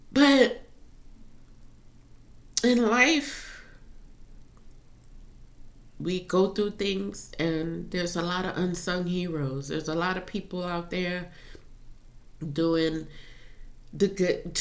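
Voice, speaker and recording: A woman talking in a personal vlog, rambling and confessional, laughing to keep from crying. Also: lowish voice. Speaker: vlogger.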